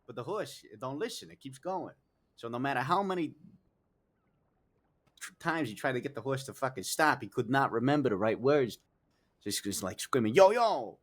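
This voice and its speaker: A man's voice: medium pitch, lively intonation, normal speed, pauses often, fairly bright tone. A man telling long, rambling jokes in character during a roleplay, full of fillers and restarts, swearing casually.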